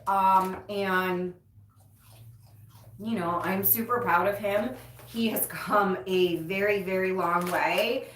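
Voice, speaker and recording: A woman's voice: medium pitch, slow pace, fairly bright tone. A woman hosting a casual livestream, talking to her viewers frankly and emotionally and swearing casually. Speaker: livestream host, recovery coach. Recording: roomy echo, distant mic.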